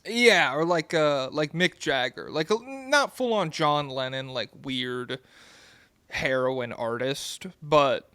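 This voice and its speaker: A man's voice: on the high side, expressive, takes it slowly, sharp tone, clean tone, dry recording. Laid-back rambling young podcast guy. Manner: rambling, laid-back, swears and giggles often. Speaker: podcast co-host. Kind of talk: casual chat.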